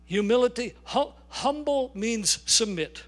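An older man preaching a sermon as a pastor, emphatic, slowing down to stress key words. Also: very high-pitched, expressive.

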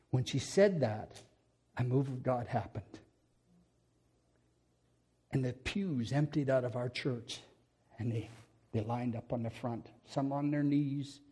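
A middle-aged man preaching a sermon in a church, telling stories with laughs and acting out quotes, moving between loud bursts and quiet passages. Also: on the high side.

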